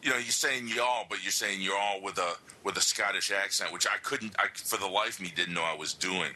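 A man's voice: deep voice, brisk, bright, forceful tone, poor audio. A man who served in the Navy, telling stories as a podcast guest in casual chat.

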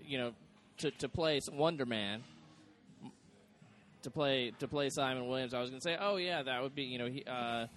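Halting male podcast host. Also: medium pitch, fairly bright tone, a little hiss or hum. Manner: halting, full of fillers and restarts. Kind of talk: casual chat.

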